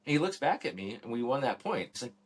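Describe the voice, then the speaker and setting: A man co-hosting a podcast in casual chat, teasing and reacting with quick interjections. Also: medium pitch, sing-song, breathy edge. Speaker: podcast co-host.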